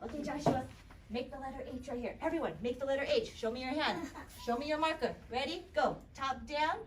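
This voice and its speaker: A young woman teaching kindergarten, upbeat and encouraging, sounding out letters slowly for the children. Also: sits high. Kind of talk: interactive classroom teaching. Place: kindergarten classroom. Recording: distant, noisy classroom recording.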